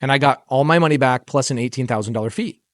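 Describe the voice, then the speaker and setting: A middle-aged man speaking from a stage at a real estate summit, an animated storyteller who acts out the dialogue in his tales and keeps quizzing the crowd. His voice sits at an ordinary male pitch, and the recording is dry and close, with little room sound. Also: fast, dry recording. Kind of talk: motivational stage talk with told stories.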